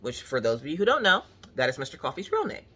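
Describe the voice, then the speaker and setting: A woman in her thirties casually telling viewers a story from home, animated and full of "like", acting out her own reactions. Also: low-pitched, fast talker, breathy edge. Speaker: crafting channel host.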